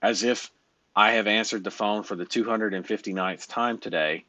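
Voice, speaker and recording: A man's voice: lowish voice, fairly quick, sharp tone, no room sound. A man coaching a trainee in sales over a call, blunt and emphatic, rambling through his points.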